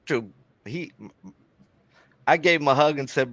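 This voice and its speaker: A man's voice: a little high, unhurried, pauses often, a bit bright, dry recording. A man in middle age chatting casually on a live sports show, telling jokey stories with plenty of swearing. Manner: profane, jokey storyteller. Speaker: guest co-host. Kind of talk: casual chat.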